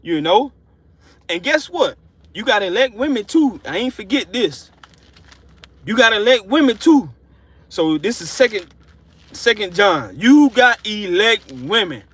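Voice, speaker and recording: Fervent high-voiced man preaching. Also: big pitch swings, a bit bright, slightly rough. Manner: emotional, fervent, repetitive, slows down reading scripture. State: excited and sweating. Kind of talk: informal street sermon.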